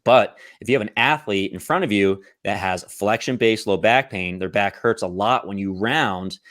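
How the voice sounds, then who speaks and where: A man's voice: fairly low pitch, normal speed, a bit bright, no echo, clean studio sound. A man coaching on exercise technique, explaining step by step and checking in often with the listener. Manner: explanatory, checks in with "right?" and "okay?". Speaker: fitness coach.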